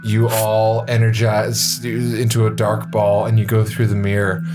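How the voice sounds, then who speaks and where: A man's voice: on the low side, completely flat delivery, unhurried, over music. A man narrating as game master in a tabletop role-play, describing scenes loosely with many fillers and restarts.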